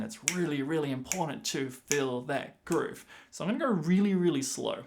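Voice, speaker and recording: A man teaching the clarinet, patiently explaining fingerings and counting rhythms out loud, with clarinet playing between phrases. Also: on the high side, expressive, normal speed, vocal fry, hardly any pauses, slight background noise. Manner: patient, breaks rhythms down by counting and singing syllables aloud. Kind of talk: instructional explanation.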